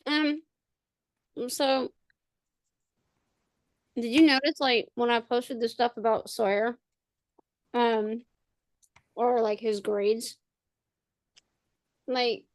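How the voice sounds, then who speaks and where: A woman's voice: fairly high pitch, fairly even intonation, very slow, pauses often, no echo. A woman chatting casually on a video call, rambling with lots of fillers and restarts. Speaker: podcast co-host and parent. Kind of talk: casual chat.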